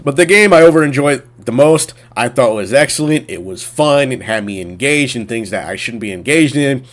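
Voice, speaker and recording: A man with a middle-pitched voice, talking casually about games in a loose, rambling way. He stops and restarts often and leans on filler words. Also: expressive, normal speed. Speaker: gaming streamer. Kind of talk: casual chat.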